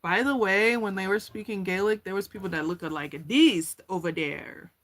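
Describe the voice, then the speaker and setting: A woman's voice: mid-range voice, normal speed. A woman giving a casual tarot card reading, chatty and slangy, going off on tangents. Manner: chatty, slangy, laughs easily and goes off on tangents.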